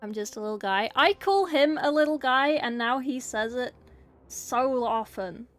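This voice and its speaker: A woman's voice: a little high, measured pace, no room sound, soft background music. A woman streamer chatting casually while painting, self-deprecating, swearing and giggling. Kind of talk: casual livestream chat.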